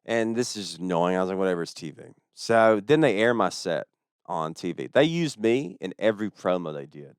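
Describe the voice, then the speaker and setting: A young man, a stand-up comedian telling a story in casual chat, fast and full of swearing. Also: fairly low pitch, lively intonation, clean tone, no echo, studio quality. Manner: fast-talking, profane.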